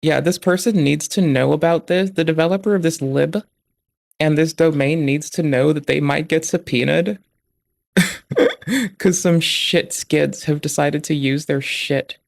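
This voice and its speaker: A man's voice: on the high side, a little slow, vocal fry, no echo. A man on a live stream reading through malware code, ranting with sarcastic, profane commentary.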